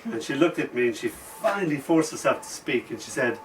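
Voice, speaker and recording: A man's voice: medium pitch, lively intonation, brisk. An Irish man telling humorous stories and reading his poetry at an open mic night, chuckling between lines. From Ireland. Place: bookshop event, indoors. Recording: distant mic, faint room noise.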